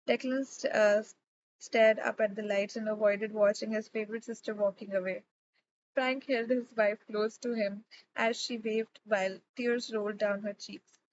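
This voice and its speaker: A woman narrating a novel chapter in a calm, measured reading. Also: medium pitch. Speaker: audiobook reader. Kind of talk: audiobook narration. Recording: slightly dull recording with faint noise.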